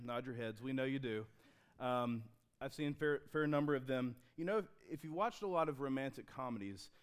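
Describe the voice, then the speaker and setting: A male pastor delivering a sermon to a church congregation. His voice is smooth and resonant at a middle pitch. He talks in an easy, conversational way, with restarts, and slows down to read scripture.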